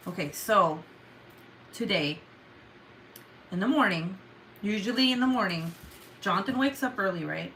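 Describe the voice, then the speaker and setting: A young adult woman vlogger casually tells her viewers a story, swearing freely and acting out her own loud outbursts as she retells it. Her mid-range voice moves a little slowly with long pauses, and there's slight hiss or hum.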